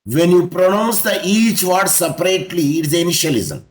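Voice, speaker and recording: A man teaching an online law class, explaining slowly and spelling out letters one by one. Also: high-pitched, lively intonation. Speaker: law lecturer. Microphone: video call.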